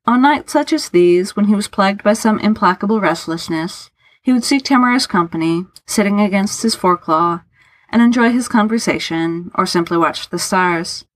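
A woman reading a story aloud in a steady, measured narration. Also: mid-range voice, no echo. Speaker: audiobook narrator.

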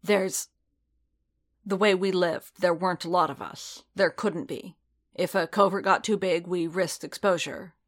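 A woman voicing a weary, stubborn male bounty hunter who talks quietly and haltingly. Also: fairly low pitch, steady tone. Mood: sharp.

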